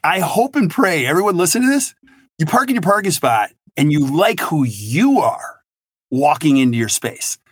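A middle-aged man, a business consultant guest on a podcast interview, talking in an energetic, emphatic and blunt way. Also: on the high side, normal speed, breathy edge, dry recording, clean studio sound.

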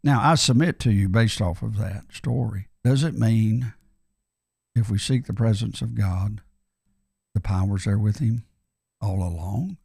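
A man's voice: lowish voice, a little slow, creaky, darkish tone, slightly rough, no room sound, clean studio sound. A man co-hosting a faith podcast, talking earnestly in a preacherly way and circling back to repeat his key phrases. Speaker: podcast co-host. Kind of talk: casual faith discussion.

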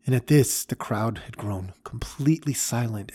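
A man hosting a podcast, telling a story in an earnest, halting way with restarts. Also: mid-range voice, dark tone, a little hiss or hum. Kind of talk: storytelling talk.

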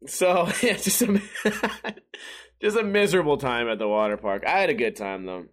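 A man's voice: medium pitch, lively intonation, normal speed, a bit bright. A young man telling a rambling, profane story to his viewers and often chuckling at his own jokes. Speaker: vlogger. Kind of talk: casual storytelling to camera.

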